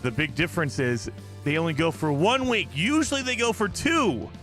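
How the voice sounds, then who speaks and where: Tired but hyped gamer dude rambling to his chat, bright forceful voice, a lil music in the back. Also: fairly high pitch, normal speed. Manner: excitable, rambling, talks to chat. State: exhausted from little sleep. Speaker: gaming streamer. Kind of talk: casual live stream chat.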